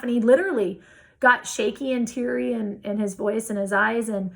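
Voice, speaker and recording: A woman telling a business story in a casual interview, acting out the quoted dialogue with lively shifts of voice. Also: fairly high pitch, normal speed, creaky, poor audio. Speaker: real estate investor guest.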